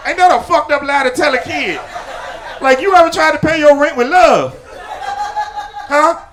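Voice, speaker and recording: A man doing live stand-up comedy on a theater stage, punchy and loud, then dropping low for asides. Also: normal speed, noisy background. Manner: loud, punchy delivery with sudden drops to low confiding asides. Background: audience laughter.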